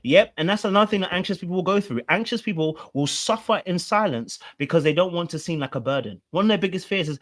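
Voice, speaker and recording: A man's voice: high voice, animated, fast talker, few pauses. A man, a relationship coach, commenting on a played clip and explaining with repeated rhetorical questions.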